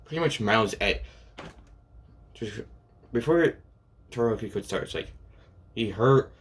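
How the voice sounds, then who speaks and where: A man's voice: lowish voice, expressive, moderate pace, a little hiss or hum. A man casually retelling a fan story, rambling and filling gaps with "and yeah" and "pretty much".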